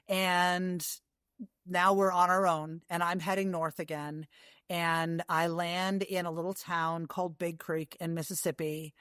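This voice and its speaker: Brief: a woman recounting her journey in an interview, chatty and animated, clean dry sound. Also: lowish voice, no room sound. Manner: animated storyteller with frequent asides. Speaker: guest, long-distance horse rider. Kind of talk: casual interview storytelling.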